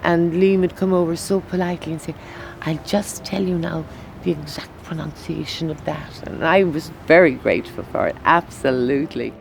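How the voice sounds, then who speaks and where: A woman's voice: deep voice, moderate pace, vocal fry. A woman in a documentary interview, recalling events and acting out the dialogue as she tells it. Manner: animated storyteller acting out quoted dialogue. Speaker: singer interviewee.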